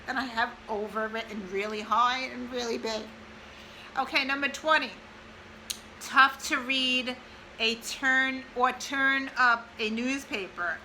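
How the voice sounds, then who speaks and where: A woman in her forties, a mother, reads an old handwritten list aloud, speaking slowly and crying at moments. Her voice sits high and sounds very bright. A faint hiss sits under the recording. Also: poor audio. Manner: tearful, pausing to compose herself. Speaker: mother of triplets reading her old notes. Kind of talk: casual vlog, reading a list aloud.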